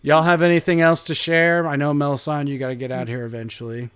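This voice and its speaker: A man's voice: a little high, little pitch movement, fast talker, fairly bright tone, smooth, no room sound. Man chatting casually, dry close sound. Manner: laughs often, rambling with fillers. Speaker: podcast co-host. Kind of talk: casual chat.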